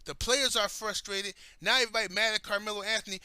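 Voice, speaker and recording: Male commentary host, high and very bright voice, heated profane rant style. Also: fast, hardly any pauses, clear, resonant tone, no echo.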